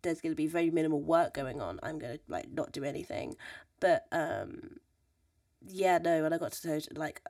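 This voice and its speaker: Young woman, podcast host, casual and animated storyteller, recorded dry and slightly off-mic. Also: sits low, moderate pace, no room sound, far from the mic. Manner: animated, mimics people in quotes, laughs often, swears.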